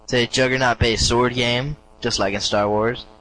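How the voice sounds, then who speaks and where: A man co-hosting a casual gaming podcast, reading a listener entry haltingly with many pauses. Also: mid-range voice, fairly even intonation, pushed and bright, a little hiss or hum, poor audio. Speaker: podcast co-host.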